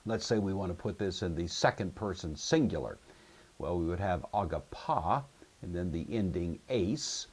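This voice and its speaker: A man's voice: deep voice, expressive, normal speed. A man giving a recorded lecture on Greek grammar. He explains each rule patiently, step by step, and checks that his students follow. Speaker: Greek teacher.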